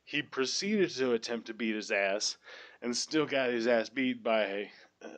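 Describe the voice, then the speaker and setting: A man's voice: mid-range voice, expressive, measured pace, a bit bright. A man hosting a casual movie podcast, blunt and profane, cracking jokes as he retells the plot. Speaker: podcast host.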